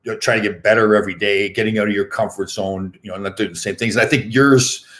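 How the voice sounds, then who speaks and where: A man in his fifties hosts a relaxed interview at a quick clip. His voice sits low, and he rambles through stories with frequent fillers and false starts. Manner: rambling, with many fillers and restarts. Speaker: podcast host. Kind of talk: casual interview chat.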